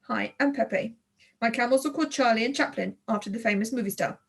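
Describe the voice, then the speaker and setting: A woman's voice: fairly high pitch, fairly quick, gravelly, husky. A woman voicing a proud, serious young boy who keeps camels, speaking formally and earnestly. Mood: stern.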